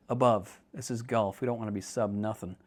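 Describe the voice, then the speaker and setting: A young man with a fairly low voice hosts a relaxed podcast monologue. He is chatty and jokey and calls listeners dude. He shifts between quick asides and slower stretches. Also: slightly rough. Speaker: podcast host and counselor.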